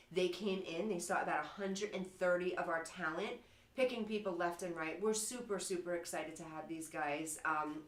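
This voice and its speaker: A woman's voice: on the low side, fairly bright tone, roomy sound. A woman from New York with a slight New York accent, hosting a casual talk show in a bubbly, chatty way. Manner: bubbly, chatty, laughs often.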